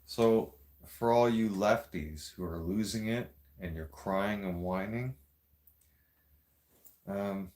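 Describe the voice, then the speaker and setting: A male vlogger from the Greater Toronto Area, speaking with a Toronto Canadian accent, rants to camera in a blunt, profane, sarcastic monologue. His voice is lowish, slow, and a little mellow.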